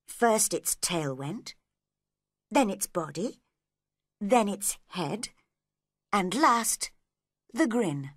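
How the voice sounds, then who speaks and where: Woman reading a kids' story real slow, lively voice. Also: medium pitch, no room sound, clean studio sound. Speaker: reader. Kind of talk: storybook read-along narration.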